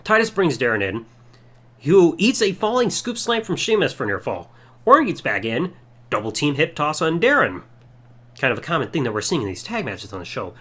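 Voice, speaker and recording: A man's voice: fairly high pitch, very animated, fairly quick, pushed and bright, slightly rough. A man hosting a podcast, giving a casual, sarcastic play-by-play review of a wrestling show and mocking the moves he dislikes. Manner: sarcastic, mocking, does silly impressions.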